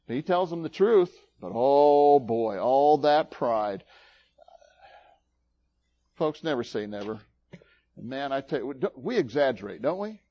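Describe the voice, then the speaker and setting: A man's voice: mid-range voice, animated, measured pace, pauses often, dull audio. A male preacher giving a sermon in a folksy, emphatic way with teasing asides.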